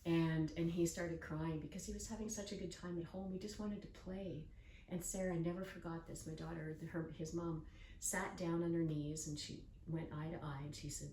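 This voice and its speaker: A woman's voice: fairly low pitch, fairly even intonation, fairly quick, dark tone. Older woman talking from across an echoey room. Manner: earnest, storytelling, acts out quoted voices. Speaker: host. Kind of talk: casual interview chat. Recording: echoey room from far off with faint noise.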